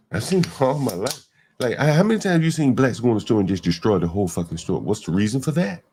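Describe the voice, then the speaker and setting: A man's voice: on the low side, mellow, slight background noise. A man hosting a livestream, talking emphatically in repeated rhetorical questions. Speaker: livestream host. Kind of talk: ranting livestream commentary.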